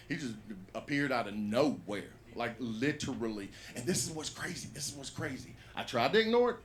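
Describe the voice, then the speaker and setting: A man's voice: medium pitch, fairly bright tone, a little hiss or hum. A man telling a rambling, profane stand-up story at an open mic in a comedy bar.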